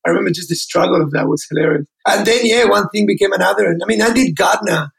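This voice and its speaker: A man tells his stories at a fast clip. His voice sits high, with a heavy gravel and a husky edge. He is an animated interview guest who acts out every line of dialogue. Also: rough recording. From Australia. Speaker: interview guest, keynote speaker. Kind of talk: animated storytelling.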